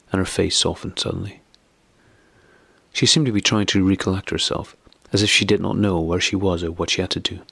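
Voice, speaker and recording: A man narrating a classic novel as an audiobook, reading in a steady, measured way. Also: low voice, gravelly, husky, no room sound. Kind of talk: scripted narration.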